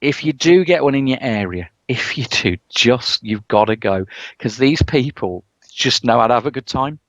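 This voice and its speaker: A man telling a story in a relaxed podcast chat. He talks enthusiastically and fills gaps with "um" and "you know". The recording is dry and a bit muffled and lo-fi. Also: mid-range voice, normal speed, dry recording. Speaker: podcast co-host. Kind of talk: casual chat. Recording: dull, lo-fi podcast audio.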